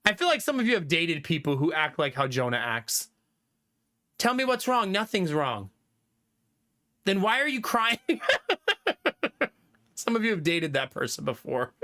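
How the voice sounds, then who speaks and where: A man with a high, bright voice chats with his stream audience about family life. His pitch swings widely as he tells lively, laughing stories, and he reads out viewer comments in a loose, casual way. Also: measured pace, pauses often. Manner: animated storytelling with frequent laughter. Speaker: livestreamer.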